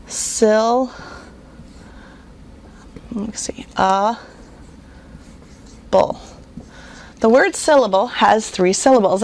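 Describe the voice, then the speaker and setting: A woman who runs a reading curriculum, giving parents a patient, explanatory talk on teaching phonics and spelling and sounding words out slowly. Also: medium pitch, a little hiss or hum. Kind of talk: instructional talk to homeschool parents.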